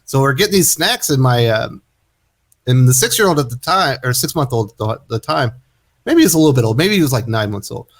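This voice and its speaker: A middle-aged man telling a story in casual chat, animated, acting out his own quotes loudly. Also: medium pitch, fairly quick. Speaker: guest.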